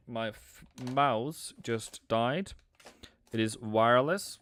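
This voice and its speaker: A man's voice: medium pitch, steady tone, drawn-out words, fairly bright tone, smooth. A man giving live market analysis on a stream, chatty, repeating himself and answering viewers. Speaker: forex trading streamer.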